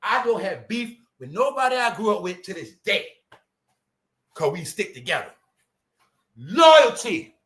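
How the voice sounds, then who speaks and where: A man's voice: high voice, sharp tone. A man with a New York accent ranting in a profane, emphatic solo commentary, answering his own points with "that's right.". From Brooklyn, New York. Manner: profane, emphatic, repetitive call-and-response. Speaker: YouTube commentator.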